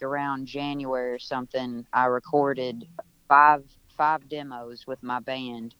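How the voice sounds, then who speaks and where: A man's voice: medium pitch, a bit bright, smooth, no room sound, lo-fi sound. A man at home on a video call, a musician telling stories in a casual, rambling interview with many restarts. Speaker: musician guest.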